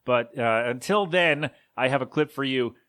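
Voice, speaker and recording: A man's voice: mid-range voice, normal speed, fairly bright tone. Rambling man hosting a podcast. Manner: rambling, self-correcting storyteller. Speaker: podcast host. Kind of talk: casual podcast monologue.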